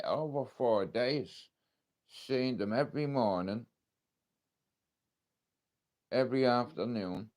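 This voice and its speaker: Casual Irish male streamer, low-ish pitch, emotional and blunt, swears freely. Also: a little mellow. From Ireland. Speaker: livestreamer. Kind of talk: casual live stream talk.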